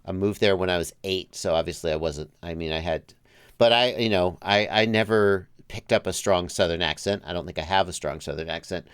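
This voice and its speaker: A man who grew up in Georgia hosting a livestream, chatting casually, laughing easily and trailing off quietly. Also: sits low, brisk, clean tone, no echo, studio quality. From Georgia, US South. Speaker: livestream host. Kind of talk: casual chat.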